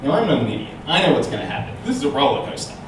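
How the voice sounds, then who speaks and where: A man with a fairly high, lively voice tells a stand-up story on stage, tagging his lines with "right?". He sounds distant in a very echoey room, and there is clear noise behind him. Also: very fast. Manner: animated, punctuates with "right?". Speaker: comedian guest. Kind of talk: live stand-up storytelling and chat. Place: small comedy venue with audience. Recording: echoey live room, distant mic, noisy.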